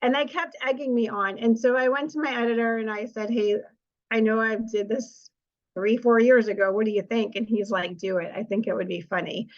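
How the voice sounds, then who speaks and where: A woman's voice: fairly high pitch, fairly even intonation, normal speed, dull audio. A middle-aged woman giving a presentation as an author, telling stories in a chatty way and acting out what people said. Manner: chatty storytelling, acts out quoted lines. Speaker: author and speaker. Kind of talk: presentation with slides.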